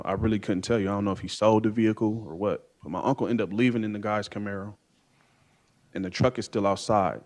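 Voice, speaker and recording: A man in his thirties giving halting courtroom testimony from the witness stand, full of fillers and uncertain pauses. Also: fairly low pitch. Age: 30s. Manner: halting, hesitant, many fillers and "I don't know".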